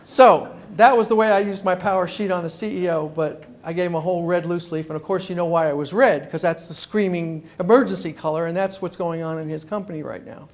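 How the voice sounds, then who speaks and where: High-voiced New man telling stories. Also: fairly quick, hardly any pauses. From New York. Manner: animated storyteller acting out phone calls. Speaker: guest speaker. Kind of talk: humorous keynote talk. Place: conference room before an audience.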